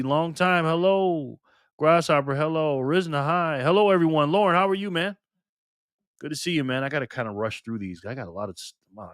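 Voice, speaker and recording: A man's voice: a little high, no echo, studio quality. A man hosting a casual livestream, cheerfully greeting viewers by name one after another. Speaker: livestream host.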